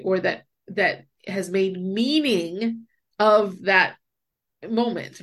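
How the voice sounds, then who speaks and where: Mid-pitched woman, conversational, explains with acted-out examples. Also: a bit bright. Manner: explanatory, acts out inner voices with examples. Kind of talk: casual conversation.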